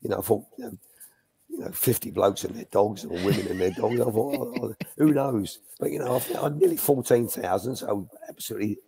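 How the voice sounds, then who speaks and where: Gravelly and warm, his lowish voice swings widely in pitch as he talks fast. He's an older ex-youth coach guesting at a live Q&A, chatting through anecdotes, restarting sentences and acting out what people said.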